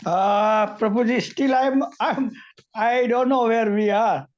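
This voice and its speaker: A man's voice: extremely high pitch, fairly even intonation, takes it slowly. A man in a reading class who hesitantly admits he is lost and asks for help. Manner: hesitant, unsure, asking for help. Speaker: class participant. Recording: dull lo-fi audio.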